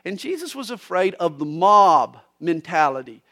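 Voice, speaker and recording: A man's voice: high voice, moderate pace. A man preaching a radio sermon as pastor, opening with folksy jokes before teaching scripture. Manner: folksy storytelling, lively jokes.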